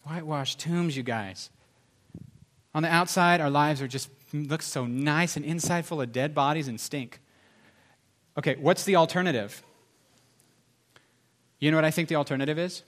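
Pastor guy preaching, fairly high voice, gets loud then drops way soft, very animated. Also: moderate pace, pauses often. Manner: animated preacher, swings from loud emphasis to soft confessional tones. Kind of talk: sermon.

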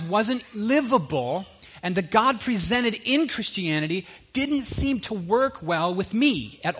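A man giving an earnest personal testimony, animated at times and dropping low and quiet for emphasis. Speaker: speaker sharing his faith story.

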